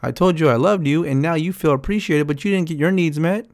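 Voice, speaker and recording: A man in a casual monologue about relationships, repeating his points emphatically and acting out quotes in a higher voice. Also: fairly quick. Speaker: relationship commentator.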